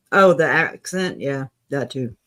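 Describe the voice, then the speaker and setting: A man's voice: mid-range voice, fairly bright tone. A man hosting a casual live stream, chatting with a chuckle while he eats.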